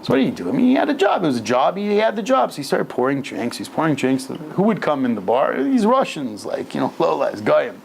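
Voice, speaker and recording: Man, rabbi, weekly lesson, gravelly, fairly high voice, faint background hiss. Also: a little fast, few pauses. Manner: animated, mixes scripture with casual slang. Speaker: rabbi teaching a weekly class. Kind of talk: storytelling religious lesson. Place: synagogue basement room, indoors.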